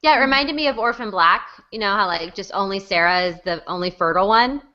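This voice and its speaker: A woman chatting casually as a podcast host, jokey and full of quick asides. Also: medium pitch, pushed and bright. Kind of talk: casual chat. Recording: dull lo-fi recording.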